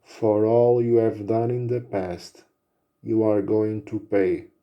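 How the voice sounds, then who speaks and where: A man's voice: lowish voice, fairly even intonation, takes it slowly, muffled recording. A man voicing a vengeful shadow wizard, speaking in a solemn, vowing way. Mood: grim. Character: vengeful male shadow wizard, grim and determined.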